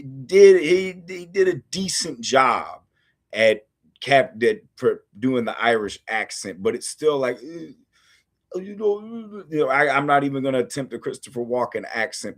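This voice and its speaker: An American man hosting a film review show, ranting in a casual, profane, rambling way full of swearing and fillers. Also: on the low side. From United States. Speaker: host of a film review series.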